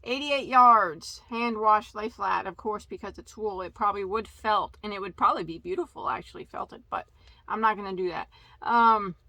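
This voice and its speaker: A woman's voice: medium pitch, normal speed, bright, forceful tone, no room sound. A woman hosting a casual yarn haul video, chatty and tripping over yarn names. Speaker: crochet channel host.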